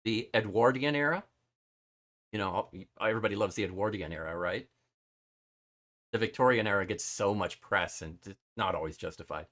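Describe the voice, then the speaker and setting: A man hosting a casual live-streamed chat show, animated and often laughing and stumbling over his words. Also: lowish voice, moderate pace, long pauses. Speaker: show host.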